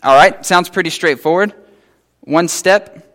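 A man's voice: high-pitched, measured pace, a bit bright. A man preaching a sermon in a conversational way, retelling scripture and acting out the people in it in casual voices. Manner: conversational, acts out biblical figures in casual voices. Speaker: pastor.

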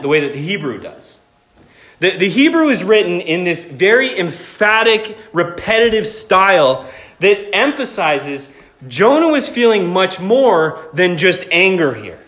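A man preaching a sermon in an animated, conversational way, joking with the congregation. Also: sits high. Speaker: pastor.

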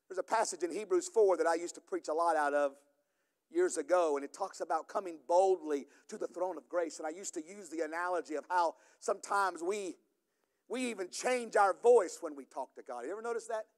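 High-voiced preaching pastor. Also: male voice, a little fast. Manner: builds from quiet storytelling to loud, emphatic preaching. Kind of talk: sermon.

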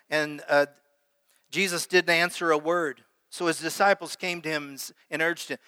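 A man's voice: fairly high pitch, fairly even intonation, normal speed, pushed and bright, clear, resonant tone. A man preaching a sermon as pastor, talking conversationally and putting questions to his congregation. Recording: long hall reverb.

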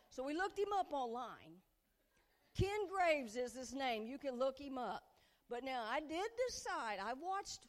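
A middle-aged woman preaching to a women's gathering, telling funny stories in a chatty, animated way. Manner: animated, chatty, breaks into giddy high-pitched bursts. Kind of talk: humorous storytelling sermon. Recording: long hall reverb.

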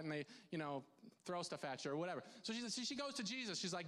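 A man preaching a conversational sermon to his congregation, chatty and animated, with many restarts and asides to the crowd. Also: sits high, fast talker. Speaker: pastor. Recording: long hall reverb.

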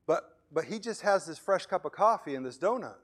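Man preaching with a higher voice. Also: lively intonation. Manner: plain preaching with acted-out skits and quick voice changes; frequent repeated words and restarts. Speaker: pastor. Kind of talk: sermon.

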